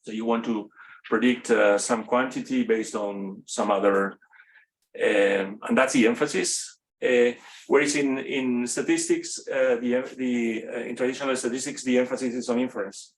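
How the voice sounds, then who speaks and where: A man with a Spanish accent, a native Spanish speaker, giving an unscripted course lecture in a classroom, halting often, with many fillers and restarts. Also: mid-range voice, fairly even intonation.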